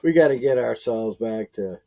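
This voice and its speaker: A man's voice: medium pitch, normal speed, gravelly, mellow. A man in a casual online team meeting who rambles through his thoughts with plenty of fillers. He chuckles often, and his voice comes through a voice-chat microphone.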